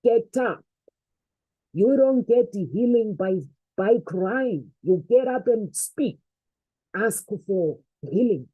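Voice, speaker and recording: A woman's voice: medium pitch, animated, takes it slowly, slightly rough, no room sound, phone-quality sound. A woman giving an earnest, faith-based motivational talk, repeating phrases for emphasis. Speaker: motivational speaker.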